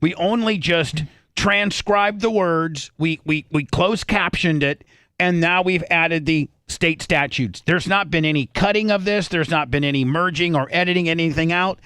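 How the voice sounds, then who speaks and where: A man's voice: a little high, moderate pace, sharp tone, clean tone, dry recording. A man hosting a radio talk show, reading out legal statutes in a studio with stammering restarts.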